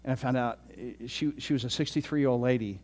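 A pastor in his sixties telling a story in a sermon, chatty, often repeating himself and dropping to a soft voice. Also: medium pitch, a little fast. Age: 60s. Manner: conversational, repeats words, drops to soft tones.

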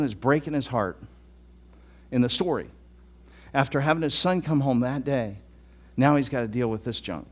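A middle-aged male pastor preaching a sermon to a live congregation, in a conversational way that often repeats and restarts words. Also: medium pitch. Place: church hall with a live congregation.

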